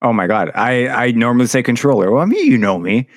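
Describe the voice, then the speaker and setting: A man's voice: medium pitch, animated, fast, dry recording. A man co-hosting a podcast, telling a rambling, self-deprecating story in casual chat. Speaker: podcast co-host.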